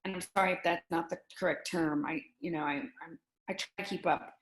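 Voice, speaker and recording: A middle-aged woman speaking earnestly and emotionally as an interview guest, often halting and restarting her sentences. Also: lowish voice, fairly even intonation, echoey room. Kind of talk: candid conversation.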